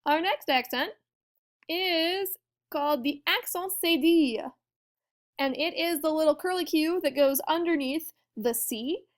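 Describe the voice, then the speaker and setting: A French teacher with a slightly high voice guides her students through a lesson at a measured pace. She is friendly and explanatory, repeatedly asking the class questions along the way.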